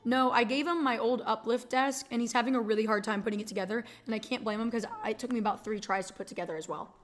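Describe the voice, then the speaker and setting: A woman's voice: on the high side, steady tone, fast. A young woman streamer from Texas chatting casually and rambling, swearing freely and getting emotional as she talks. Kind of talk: casual chat.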